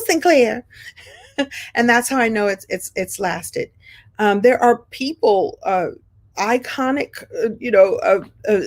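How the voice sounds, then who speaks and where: A woman in her fifties hosting her own show, telling a story in a casual monologue with warm, playful jumps in pitch. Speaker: show host.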